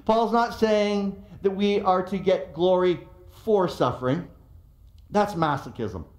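High-voiced pastor preaching in an echoey room. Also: male voice, slow. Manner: animated, emphatic storytelling. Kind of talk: sermon.

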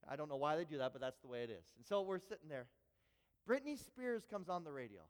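A man preaching a sermon and telling a story, animated and often repeating words when he gets excited. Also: fairly high pitch, fast talker. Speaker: pastor. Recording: long hall reverb.

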